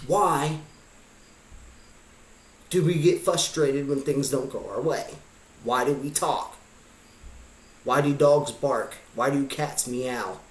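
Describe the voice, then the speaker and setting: A man's voice: medium pitch, slight background noise. A man vlogging a pondering monologue of rhetorical questions. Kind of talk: musing monologue. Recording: echoey room.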